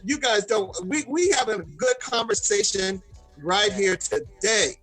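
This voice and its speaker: A man's voice: sits high, a little slow, fairly bright tone, soft background music, poor audio. A man hosting a talk show, chatting casually and cheerfully plugging the show with repeated phrases. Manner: repeats words, upbeat promo patter. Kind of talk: casual chat.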